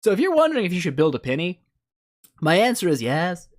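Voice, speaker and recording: Speaking fast in a high-pitched voice whose pitch swoops wildly, a man provides casual commentary on a mobile game for his YouTube channel. He playfully mocks and insults the characters as a joke.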